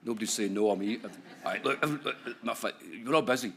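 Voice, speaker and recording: A man's voice: mid-range voice, fast talker, a bit bright, a little hiss or hum. Joking Scottish man giving a conference talk. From Scotland. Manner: chatty and joking, full of tag questions. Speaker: conference speaker, economist. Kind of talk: conference talk to a live audience. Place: conference hall.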